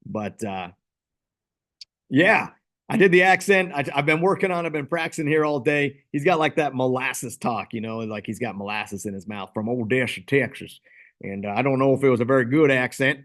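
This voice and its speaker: A man's voice: mid-range voice, animated, moderate pace, fairly bright tone. Guy rambling thru his fantasy league standings, chatty, pokes fun at himself, regular voice. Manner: rambling, chatty, self-deprecating. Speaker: fantasy football league host. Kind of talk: casual league recap to camera.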